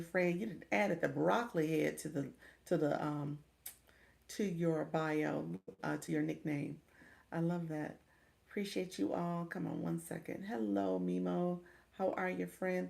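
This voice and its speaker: A woman's voice: lowish voice, creaky, darkish tone. A woman livestream coach chatting casually with her viewers, reading the chat aloud and laughing often.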